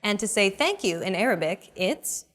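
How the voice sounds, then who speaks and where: A young adult woman hosting a language lesson in an upbeat, clear teacherly delivery. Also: mid-range voice, animated, moderate pace, a bit bright. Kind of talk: scripted lesson narration.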